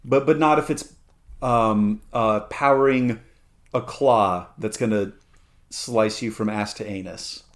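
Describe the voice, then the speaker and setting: A man co-hosting a podcast in casual chat, rambling with lots of fillers and restarts. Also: fairly low pitch. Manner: rambling, halting, many fillers and restarts, laughs often. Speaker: podcast co-host.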